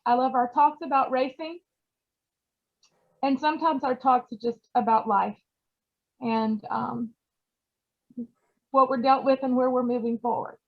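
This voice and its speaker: A woman from Georgia, giving a tearful acceptance speech over a video call, halting and choked up with many fillers. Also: sits high, fairly even intonation, phone-quality sound. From Georgia, USA. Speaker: award recipient.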